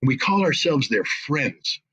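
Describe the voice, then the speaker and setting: A man's voice: medium pitch, big pitch swings, unhurried, sharp tone, breathy edge, rough recording. A man speaking as an interview guest, emotional and indignant, repeating phrases for emphasis. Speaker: guest commentator. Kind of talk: impassioned interview talk.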